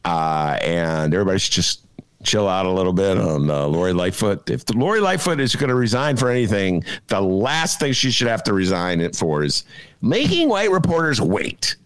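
A man hosting a casual political chat podcast, animated and laughing often as he talks. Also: low-pitched, clean tone, dry recording. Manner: animated, laughing, breaks into quick impressions. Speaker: podcast host.

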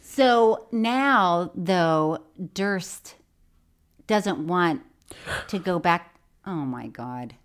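A woman co-hosting a casual podcast, her voice lively and swinging up and down as she talks. She teases her partner, laughs often and drops into low muttered asides while she walks through a crime story. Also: very slow, clean tone. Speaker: podcast co-host. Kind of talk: casual chat, recapping a true-crime documentary.

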